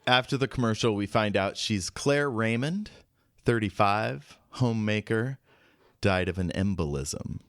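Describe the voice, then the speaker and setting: A man's voice: fairly low pitch, measured pace, a bit bright, no echo, clean studio sound. A man hosting a podcast, recapping in a wry, joking casual chat. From United States. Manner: wry, recaps plot with jokes. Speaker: podcast host.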